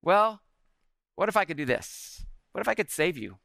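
High, bright-voiced man addressing a crowd. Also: normal speed, creaky, dry recording. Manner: energetic, asks the room questions. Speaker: speaker giving a talk. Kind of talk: live talk to an audience.

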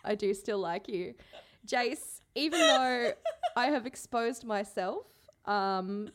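A woman's voice: medium pitch, animated, slow pace. A woman co-hosting a podcast in a casual, playful, self-mocking chat with lots of giggling. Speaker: podcast co-host.

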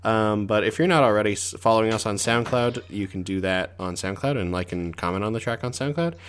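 A man with a slightly low voice co-hosting a home podcast. He talks in a relaxed, thoughtful way and drops the odd swear word. A faint background hiss runs under the recording. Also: a little fast. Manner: relaxed, thoughtful, lightly profane. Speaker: podcast co-host. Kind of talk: casual movie review chat.

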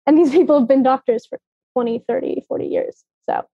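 A woman's voice: high voice, fairly quick, vocal fry, no echo. A young woman casually telling her own health story, matter-of-fact, with many likes. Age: young adult. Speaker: guest, daughter. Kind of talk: personal storytelling. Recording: dull, dry sound.

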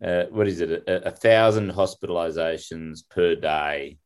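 A man's voice: low voice, moderate pace, smooth. A man co-hosting a podcast, thoughtful and hedging as he explains. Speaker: podcast co-host. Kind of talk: casual discussion.

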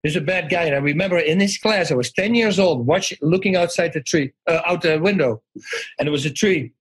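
A man telling personal stories as an interview guest, animated and acting out the voices of people he quotes. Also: on the high side, fairly quick, slightly rough, rough recording. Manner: animated, acts out quoted voices, restarts often. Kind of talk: conversational storytelling.

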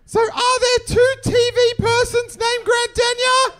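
A man putting on a shrill, indignant letter-writer voice, reading in an exaggerated sing-song. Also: flat delivery, unhurried, fairly bright tone, soft background music, some chatter behind. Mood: mock outrage.

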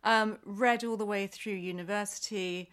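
A woman's voice: medium pitch, moderate pace. A middle-aged woman, an author, chatting casually and telling stories with frequent laughs and restarts. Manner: animated storyteller, laughs often, many restarts. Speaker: author guest. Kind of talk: casual chat.

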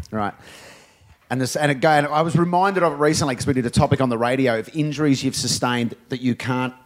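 A man, a radio host telling funny stories in casual chat, laughing often. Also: mid-range voice. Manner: animated storyteller, laughs often.

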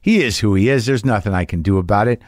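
A man's voice: on the low side, quick pace, darkish tone, no echo, clean studio sound. A man hosting a podcast, talking alone in a frank, profane, self-deprecating way. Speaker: podcast host. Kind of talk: solo monologue.

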